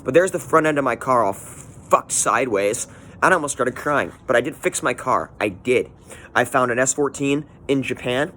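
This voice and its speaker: A man's voice: medium pitch, animated, normal speed, pushed and bright, a little hiss or hum. A man in his twenties bluntly telling a personal story, swearing often. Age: 20s. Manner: blunt, profane, candid storytelling. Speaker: vlogger.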